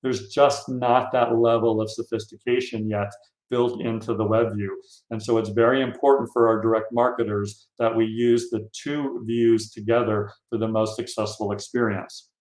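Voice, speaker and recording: A man's voice: mid-range voice, flat delivery, normal speed, a little mellow. A man, a consultant, giving an instructive conference session presentation with emphatic stress on key points. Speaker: fundraising software consultant. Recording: echoey conference room.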